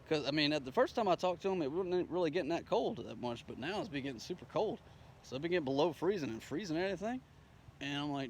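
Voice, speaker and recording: A man's voice: on the high side, expressive, quick pace, a little hiss or hum. A man telling a rambling, profane story in a casual way, acting out the dialogue as he goes. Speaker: storyteller recounting his day.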